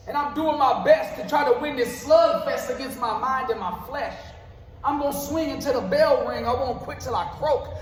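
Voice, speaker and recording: High-voiced man performing spoken word. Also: slight background noise. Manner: rhythmic rhyming delivery. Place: live venue stage. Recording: roomy live venue with long reverb.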